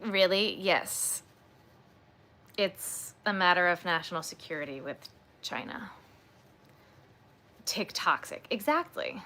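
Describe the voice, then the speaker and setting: A woman's voice: lowish voice, expressive, takes it slowly, pauses often, pushed and bright. A woman hosting a crochet livestream, chatting casually and rambling, with frequent "like" and "um" and gushing asides.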